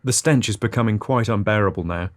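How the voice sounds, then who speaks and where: Deadpan comedy podcaster. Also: male voice, fairly low pitch, fast talker. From Britain. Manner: dry, matter-of-fact delivery of nonsense. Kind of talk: absurdist scripted comedy monologue.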